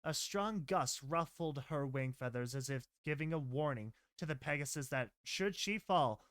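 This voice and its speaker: A man doing a dramatic story reading, his voice pitched high and recorded dry and close. He breaks into excitable asides and laughs between passages. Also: normal speed, dry recording. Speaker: story reader and commentator.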